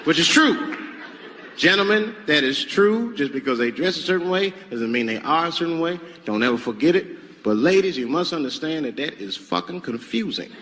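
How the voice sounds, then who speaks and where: A male stand-up comedian telling stories on stage in a lively, animated way, jumping into loud high voices for characters. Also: moderate pace. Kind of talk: stand-up storytelling. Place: large theater stage. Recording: echoey theater with audience noise.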